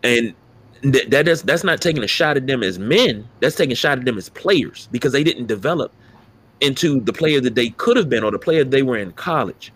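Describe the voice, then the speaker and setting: Animated, profane male sports podcaster. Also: medium pitch, brisk, breathy edge. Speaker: podcast co-host. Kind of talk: casual sports talk.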